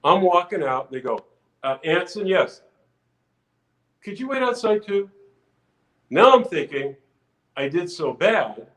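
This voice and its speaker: An older man spins a long anecdote as a podcast guest, restarting his sentences and acting out the people in it. His voice sits a little high for a man. The room around him rings with a noticeable echo. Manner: animated anecdote telling with restarts and acted-out quotes. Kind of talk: casual storytelling.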